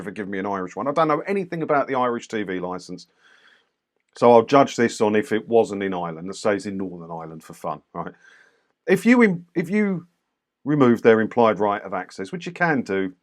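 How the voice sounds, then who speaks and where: A man casually commenting on doorstep clips for his channel, blunt and mocking. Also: fairly low pitch. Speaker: YouTube commentator reviewing clips.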